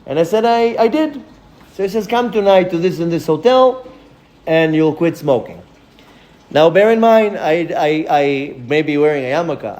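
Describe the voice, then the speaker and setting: A man, a rabbi, giving a lecture as a lively personal story, acting out the voices of the people in it. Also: high voice. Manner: animated storyteller acting out dialogue.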